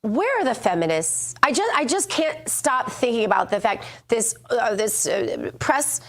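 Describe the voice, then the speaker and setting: A woman co-hosts a morning political talk show. She speaks in an animated, opinionated way, with plenty of fillers. Her voice sits a little high. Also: unhurried. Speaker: co-host.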